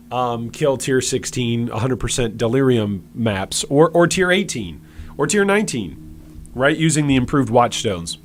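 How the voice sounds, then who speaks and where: An American man on a live stream, talking through game patch notes at a middle pitch. He rambles and loops back on his words as he builds a point, turning often to speak to his chat. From United States. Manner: rambling, repeats words as he restarts thoughts; talks directly to his chat.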